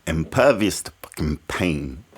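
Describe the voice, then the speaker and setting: A man's voice: extremely low pitch, husky. A man hosting a reaction video, offering musing offhand remarks after a clip. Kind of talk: casual reaction commentary.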